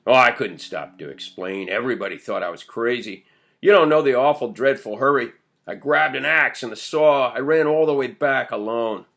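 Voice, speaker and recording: A man's voice: mid-range voice, normal speed, gravelly, a bit bright, faint music behind. A man reading an old villager's first-person tale of his boyhood, told in earnest storytelling. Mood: excited. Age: older. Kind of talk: audiobook character voice.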